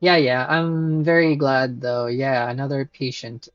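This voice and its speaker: A man's voice: medium pitch, little pitch movement, a little slow, dry recording, highs cut off, close to an everyday voice. A man reading lines for a self-assured decomposed ghoul doctor in his plain voice, with no accent. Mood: matter-of-fact.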